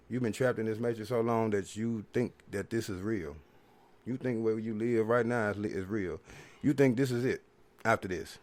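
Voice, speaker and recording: A man's voice: lowish voice, normal speed, darkish tone. A man hosting a podcast, rambling through a casual, profane, preachy monologue full of repeated filler phrases. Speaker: podcast host.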